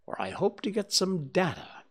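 A man voicing a calm, witty detective who answers threats with bland, quietly mocking remarks. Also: high-pitched, moderate pace, pitched above the performer's own voice. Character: calm, witty male detective, unflappable and dry. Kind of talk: dramatic audiobook reading.

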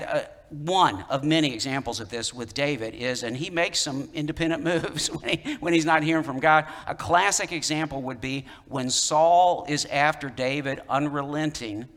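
A man's voice: medium pitch, a bit bright. A man in the role of pastor preaching a sermon in a conversational, emphatic way, repeating key phrases. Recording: long hall reverb.

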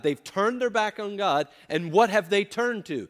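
A man's voice: high voice, animated, moderate pace, few pauses. A man teaching scripture to a group, emphatic, often asking them questions. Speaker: pastor or Bible teacher. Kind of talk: interactive Bible teaching.

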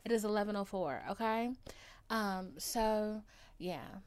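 A woman's voice: mid-range voice, fairly even intonation, unhurried, a little mellow, smooth. A young woman hosts her podcast late at night, tired and a little loopy. She rambles playfully and dramatizes every small point in an ordinary mid-range voice. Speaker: podcast host. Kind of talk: casual chat.

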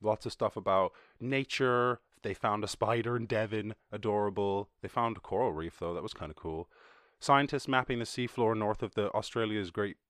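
A man hosting a comedic podcast and riffing on news stories. He swears a lot, laughs often, and acts out other people in quick voices. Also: lowish voice, fairly bright tone, no echo, studio quality. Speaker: podcast host.

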